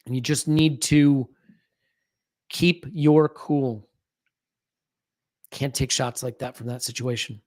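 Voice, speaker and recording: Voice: medium pitch, steady tone, slow, long pauses, darkish tone. A podcast host giving live watch-along commentary on a match, anxious and restless, often restarting sentences and fiddling with a desk microphone.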